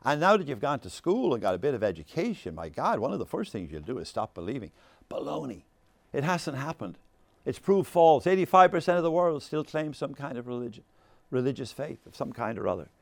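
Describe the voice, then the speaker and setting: Speaking a little fast at medium pitch, the sixty-something lecturer on faith wanders through stories and side remarks with animation. There's no echo on the recording.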